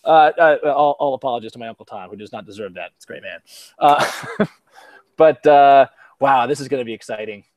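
A man's voice: mid-range voice, brisk, a little mellow, no echo. Chatty male sports podcast host. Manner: chatty, many restarts, laughs easily. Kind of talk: casual sports chat.

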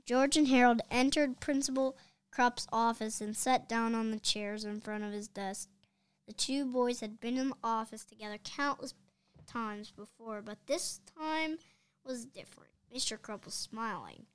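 A woman reading a children's chapter book aloud, lively and expressive. Her voice is very smooth and crisp, a little high, and recorded close and dry. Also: a little slow, no room sound. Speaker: reader.

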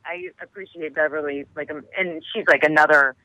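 A woman guest on a radio show, telling stories in an animated way and acting out the quotes with laughter. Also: deep voice, a little fast, dry recording, rough recording. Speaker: guest actress. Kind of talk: casual radio interview chat.

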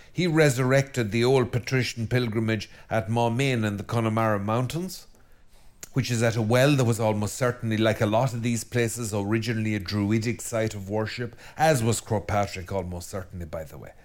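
A middle-aged Irish priest from Mayo talks at a middle pitch in a loose, conversational way. He keeps tossing in self-mocking asides and tag questions like a host chatting to regular listeners. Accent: Irish, County Mayo. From Ireland. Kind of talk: casual spoken commentary.

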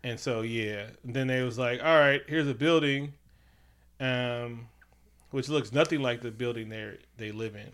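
A man with a bright, forward voice chats loosely about a film, rambling and swearing as he goes. He is animated and keeps slipping into quick impressions of the characters. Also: medium pitch. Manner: animated, profane, slips into impressions. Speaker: podcast co-host. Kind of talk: casual movie review chat.

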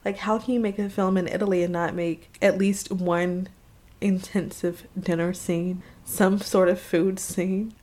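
A woman co-hosts a casual podcast chat and laughs readily between her points. Her voice sits at a middle pitch. She rattles through the closing sign-off at a brisk clip. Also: level tone, darkish tone. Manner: laughing, chatty, reads the sign-off quickly. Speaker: podcast co-host.

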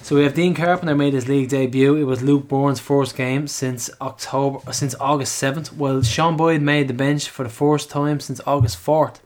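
Podcast host reading football stats. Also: male voice, mid-range voice, steady tone, moderate pace, hardly any pauses. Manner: breezy, reads stats off a list.

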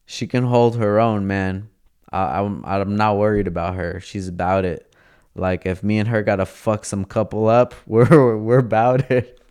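A man's voice: on the low side, fairly even intonation, moderate pace, darkish tone, clean tone. A young man telling a casual, profane story in slang, acting out the lines of the people in it. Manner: profane, laid-back, slangy, acts out quoted dialogue.

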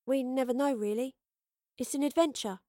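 Lively young woman adventurer, bright, breezy, raised and keen, read by a woman narrator. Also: high voice, moderate pace, dry recording, clean studio sound, pitched above the performer's own voice, close to an everyday voice. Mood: earnest. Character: spirited young woman time-traveller.

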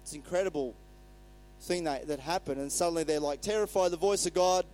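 Man, pastor, relaxed sermon, acts out quotes, slightly higher voice, low electrical hum. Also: brisk, low-quality recording. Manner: conversational, retells scripture with acted quotes.

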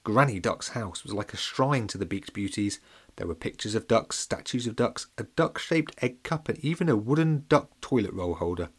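A man narrating a children's audiobook in a playful, animated storytelling way, speaking directly to the young readers. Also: fairly low pitch, normal speed, slightly rough.

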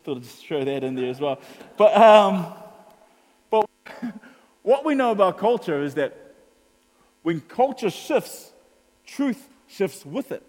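A pastor from New preaches in a relaxed, storytelling way. He acts out conversations and laughs along the way. His voice sits a bit high, and it rings out in a hall with long reverb. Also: slow, pauses often. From New Zealand. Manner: chatty storytelling, acts out dialogue, laughs often. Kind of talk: sermon.

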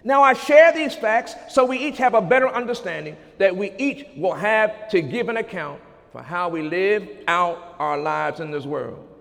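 A male preacher delivering a fervent sermon and reading scripture aloud. He repeats his phrases and swings between loud and hushed delivery. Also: high-pitched, moderate pace, creaky, hardly any pauses. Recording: long hall reverb.

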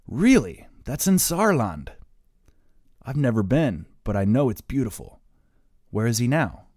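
In an audiobook reading, a man voices a lively, curious young woman who sounds surprised, pitching his delivery above his own natural voice. His voice is mid-range at normal speed, close to an everyday voice, recorded with clean studio sound and no echo.

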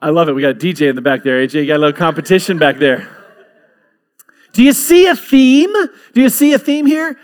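Preaching man with a fairly high voice. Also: big pitch swings, brisk. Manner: preaching with rising emphasis and repeated phrases. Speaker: pastor. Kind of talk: sermon.

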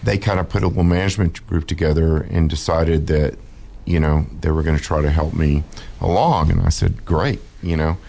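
A man's voice: very deep voice, fairly even intonation, fairly quick, creaky, mellow. An older male guitarist telling a rambling, laid-back anecdote on a radio interview, with lots of "you know". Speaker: guitarist guest. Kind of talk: anecdotal storytelling.

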